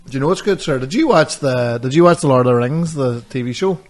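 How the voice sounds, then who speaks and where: A man's voice: mid-range voice, expressive, fast talker. Easygoing man chatting. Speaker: podcast co-host. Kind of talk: casual chat.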